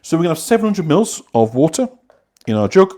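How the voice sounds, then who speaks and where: A man's voice: on the high side, sing-song, quick pace, warm tone. Chatty man demonstrating a recipe. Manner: rambling, conversational, many fillers and restarts; chats with viewers while cooking. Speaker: cooking class host. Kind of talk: live online cooking demonstration.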